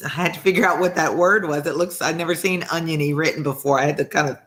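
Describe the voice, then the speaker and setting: Low-voiced woman reading a classic aloud. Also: steady tone, fast talker, few pauses. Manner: chatty, warm-hearted asides, easily sidetracked. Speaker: former teacher reading books aloud. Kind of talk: casual read-aloud with asides.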